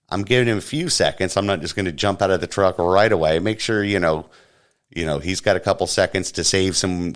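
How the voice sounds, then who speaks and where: A man hosting a podcast, casually recounting an anecdote step by step. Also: low-pitched. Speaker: podcast host.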